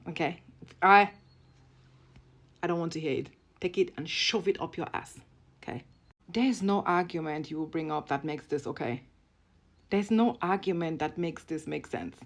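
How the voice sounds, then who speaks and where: Blunt, profane woman ranting. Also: lowish voice. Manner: blunt, profane, keeps asking "okay?"; sarcastic, mocking. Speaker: vlogger. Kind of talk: heated opinion rant to camera.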